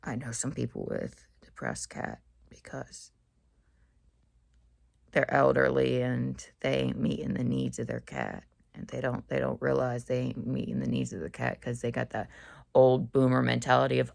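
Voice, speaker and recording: A woman's voice: extremely low pitch, moderate pace, vocal fry, a little mellow, dry recording, studio quality. A young woman in a dorm room talking casually into the camera, rambling in a slangy, blunt way. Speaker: vlogger. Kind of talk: casual monologue.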